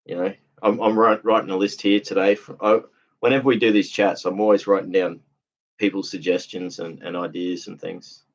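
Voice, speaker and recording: A man's voice: low voice, little pitch movement. A tired man hosting a casual livestream, reading chat comments with many fillers, restarts and laughs. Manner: rambling, halting, lots of fillers and restarts, laughs often. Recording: dull lo-fi sound.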